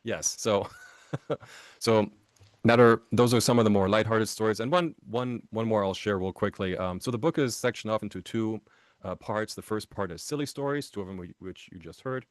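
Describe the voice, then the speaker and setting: A man's voice: fairly low pitch, a little fast, no echo. A man from Germany, a podcast guest and author, telling stories in a casual interview, often restarting phrases and checking in with "right?".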